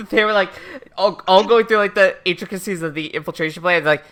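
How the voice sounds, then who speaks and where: Sarcastic woman with a bright tone. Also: mid-range voice, a little fast. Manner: blunt, sarcastic asides. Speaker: podcast co-host. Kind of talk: casual anime recap chat.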